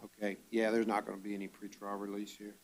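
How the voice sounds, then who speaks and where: A man serving as a judge at a bond hearing, speaking in a measured, formal way with frequent fillers. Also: lowish voice, completely flat delivery, vocal fry.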